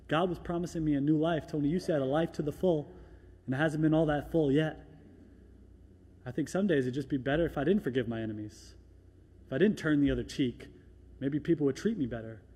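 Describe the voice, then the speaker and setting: A man preaching a sermon as pastor, moving from quiet, reflective lines to loud, fervent exhortation, and acting out doubters in a small hushed voice. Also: a little high. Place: large church hall. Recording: echoey church hall.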